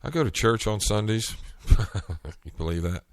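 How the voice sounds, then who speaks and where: A man's voice: fairly low pitch, expressive, normal speed, no echo, studio quality. A man from North Carolina with a Southern US accent, chatting casually and telling stories in a solo podcast monologue. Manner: chatty, storytelling, frequent restarts. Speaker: podcast host.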